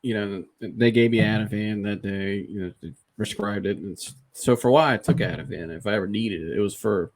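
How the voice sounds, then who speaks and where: A man hosting a podcast, casually and candidly retelling a personal experience in an animated, conversational way. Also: lowish voice, a little fast, hardly any pauses, a little hiss or hum. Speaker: podcast host.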